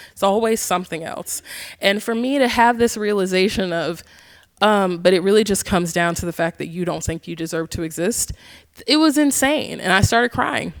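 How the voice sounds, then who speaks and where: A young woman and yoga teacher telling a candid personal story to an audience, animated and casual, with frequent swearing and "like". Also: mid-range voice.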